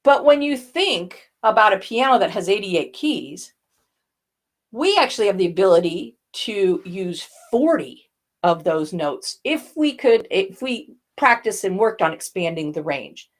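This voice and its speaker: A woman's voice: medium pitch, very animated, a little slow. An older woman, a voice coach, teaching a lesson and demonstrating vocal effects as she explains.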